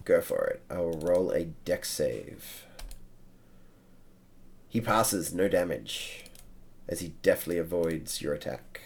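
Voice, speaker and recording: A man's voice: deep voice, lively intonation, slow pace, gravelly, long pauses, darkish tone. A man running a tabletop game as game master, narrating the action and counting out moves step by step.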